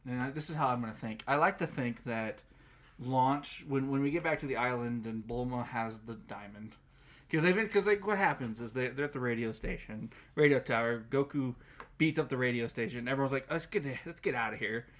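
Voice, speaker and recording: A man's voice: mid-range voice, a little fast, fairly bright tone. A man co-hosting a podcast, chatting casually and rambling with frequent laughs while he acts out scenes. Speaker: podcast co-host. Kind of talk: casual chat recapping an anime.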